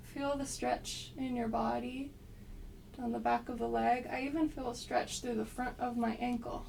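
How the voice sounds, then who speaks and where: A woman with a slight cold guiding an exercise class, giving gentle, unhurried cues with frequent pauses. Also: a little high, fairly even intonation, vocal fry, far from the mic, slight background noise. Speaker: movement instructor.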